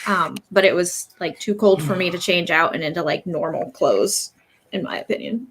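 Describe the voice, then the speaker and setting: A woman's voice: on the low side, moderate pace, a little hiss or hum. A woman from Indiana chatting casually with a cohost on a livestream, laughing often, on a new microphone. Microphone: new desk microphone.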